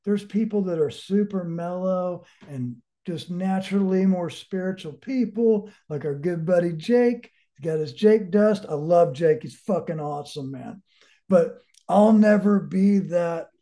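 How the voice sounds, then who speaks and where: A man's voice: sits high, a little slow, mellow. A man telling his story as an interview guest, blunt and rambling, full of swearing and searching reflection. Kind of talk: candid casual storytelling.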